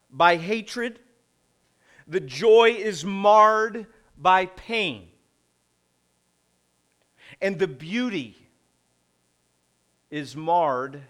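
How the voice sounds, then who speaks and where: A middle-aged man preaching a conversational sermon, posing rhetorical questions and pausing deliberately. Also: sits high, a bit bright. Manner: slow, deliberate delivery with pauses. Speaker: pastor.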